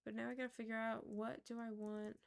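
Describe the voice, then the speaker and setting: Young female streamer with a slightly high, creaky voice; chatty and relaxed, mutters while she works. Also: fairly quick. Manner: mutters and counts under her breath, chatty storyteller. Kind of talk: casual chat while building in a game.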